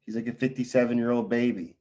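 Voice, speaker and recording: A tired man livestreams, reading his chat and talking loosely with viewers while spinning rambling, profane stories. His voice is medium in pitch, steady and warm, and he speaks at a quick pace.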